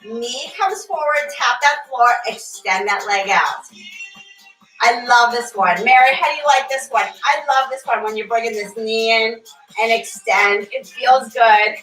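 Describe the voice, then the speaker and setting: Woman barre instructor, slightly high voice, cheerful cueing, recorded on a distant mic in a roomy space. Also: unhurried, a bit bright. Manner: upbeat, counts reps aloud, chats with class members by name. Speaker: fitness instructor. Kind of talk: live-streamed workout class cueing. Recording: echoey room, voice from far off, faint music.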